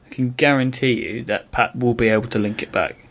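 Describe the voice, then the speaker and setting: A man's voice: medium pitch, fairly even intonation, a little fast, a bit bright, slight background noise. A young British man co-hosting a podcast, chatting in a wry, teasing way. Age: young adult. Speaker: podcast co-host. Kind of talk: casual podcast chat.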